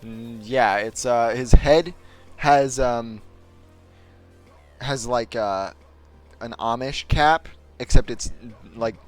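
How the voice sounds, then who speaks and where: A man's voice: medium pitch, slow, pauses often, soft background music. A man running a tabletop game as game master, narrating in a casual way with fillers and swearing.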